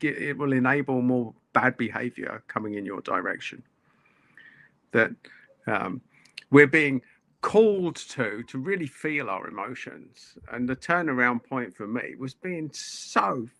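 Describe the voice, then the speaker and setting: A man's voice: mid-range voice, vocal fry, pushed and bright, no echo. A man speaking bluntly and swearing freely as a guest in a casual live-stream chat.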